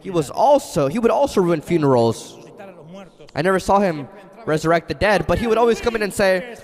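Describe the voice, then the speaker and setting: Animated male pastor, high voice, dramatic sermon storytelling, big hall reverb. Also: fairly quick. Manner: dramatic storytelling, shifts between loud and hushed.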